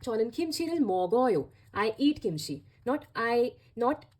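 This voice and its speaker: A woman giving a language lesson in a warm, mellow voice with a breathy edge. She explains patiently and spells out every step, repeating key words so learners can follow. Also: on the high side, very animated, racing. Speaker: Korean language teacher.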